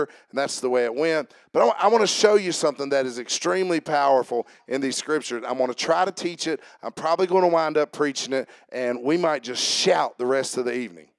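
A man preaching a sermon in church, reading scripture slowly and talking to the congregation in a folksy way, with frequent "um"s and calls of "amen?". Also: a little high, no echo, studio quality. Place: church sanctuary.

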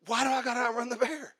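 A middle-aged man preaching a sermon. He swings from shouted, sing-song preaching to hushed, chatty storytelling. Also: extremely high pitch, husky, dry recording. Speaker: pastor.

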